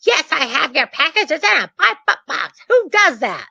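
A woman acts out a bank clerk at the end of her rope, her voice shooting high and shrill as she shouts in disbelief. The sound is dull and lo-fi, with no room around it. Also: big pitch swings, moderate pace, vocal fry, dry recording, exaggerated voice. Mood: indignant. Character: exasperated female bank clerk, shrill and indignant.

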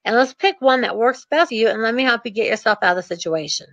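A woman coaching new real estate investors, chatty and quick to rant, with sarcastic asides. Her voice sits a little high. The recording is dry and dull, with a lo-fi sound. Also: no room sound. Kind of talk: energetic coaching talk.

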